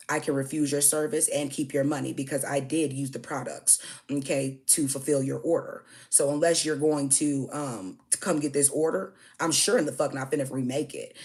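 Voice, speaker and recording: This young woman's voice sits low with a darkish tone as she tells a heated story about a customer of her food business. She curses freely, speaks emphatically and repeatedly tags lines with "okay?"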